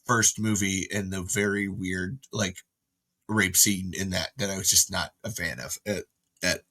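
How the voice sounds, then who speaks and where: A man hosts a casual livestream and rambles excitably from thought to thought, trailing off and starting over. His voice sits fairly low but comes across bright and forceful. He is picked up by a camera mic. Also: measured pace. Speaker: host.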